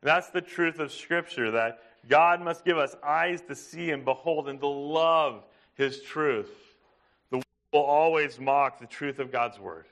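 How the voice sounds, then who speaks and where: A man's voice: on the high side, a little slow, fairly bright tone. Emphatic male preacher. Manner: emphatic, asks the congregation questions. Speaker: pastor. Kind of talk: sermon.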